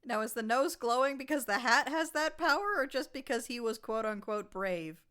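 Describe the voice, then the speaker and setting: A woman's voice: on the high side, expressive, moderate pace, sharp tone. A woman co-hosting a casual podcast, making wry jokes and laughing often. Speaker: podcast co-host.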